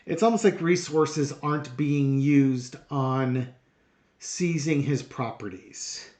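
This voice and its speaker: A man's voice: medium pitch, slow, darkish tone. A man hosting his own tarot channel, talking casually and sarcastically, sounding exasperated and rambling through fillers as he sets up a reading. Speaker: tarot reader and channel host.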